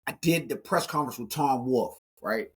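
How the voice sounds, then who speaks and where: A man in his forties, a guest speaker in an interview, telling his life story in an animated way and acting out the dialogue. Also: medium pitch, moderate pace, husky. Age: 40s.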